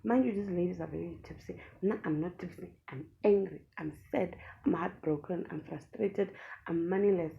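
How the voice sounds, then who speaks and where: A young South African woman vlogger telling a dramatic story in a lively, animated way, in a dull lo-fi recording. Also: on the low side, normal speed, gravelly, slight background noise. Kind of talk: storytime vlog.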